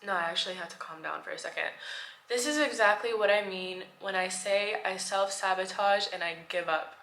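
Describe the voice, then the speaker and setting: A woman in her twenties talking candidly in a casual vlog diary, swinging between soft murmurs and excited bursts. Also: medium pitch, a little fast. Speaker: vlogger. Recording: echoey room.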